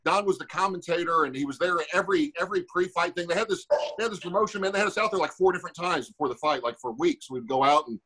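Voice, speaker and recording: Talking high-pitched and rapid-fire with barely a pause, this slightly rough-voiced man in his forties, once a fighter, spins a meandering, foul-mouthed podcast story. He lively performs the quoted dialogue, and the audio quality is low.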